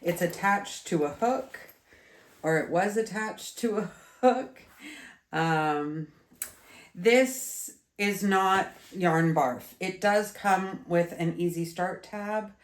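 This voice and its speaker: Slow, low-voiced stuffy woman. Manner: chatty, meandering, with many fillers and restarts. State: stuffy, congested. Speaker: yarn reviewer. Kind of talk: casual video review. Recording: roomy echo.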